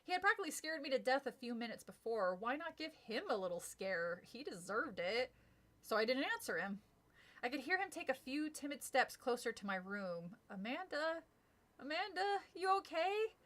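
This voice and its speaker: A woman's voice: a little high, big pitch swings, moderate pace, a bit bright. A woman streaming a casual read-aloud of a kids' horror book, chatty and giggly with frequent asides. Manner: giggly, chatty, breaks off to comment and laugh.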